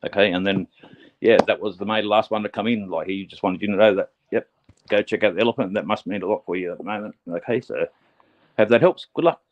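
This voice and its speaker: A fairly low-voiced man gives a live online psychic reading in a soft, halting way, stopping and restarting often. He is nervous, on air for the first time. The sound is a little muffled, like live stream audio. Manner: halting, gentle, full of fillers and restarts. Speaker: psychic medium.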